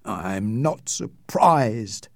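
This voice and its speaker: A man voicing a frightened, dying old doctor who speaks slowly with a trembling voice, in a storybook reading. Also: fairly low pitch, animated, darkish tone, no room sound, studio quality, exaggerated voice. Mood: fearful, grim. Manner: slow and trembling.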